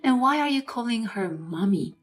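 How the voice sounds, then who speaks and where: A woman's voice: on the high side, animated, normal speed, faint music behind, voice pushed up, close to an everyday voice. Woman reading as an indignant young wife. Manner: indignant, sarcastic. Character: injured young wife, fed up with in-laws.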